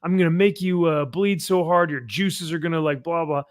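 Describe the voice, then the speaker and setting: A man reading out the lines of a crude, brutish male alien biker, loud and boastful as he reads. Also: on the high side, moderate pace, voice pushed up, close to an everyday voice.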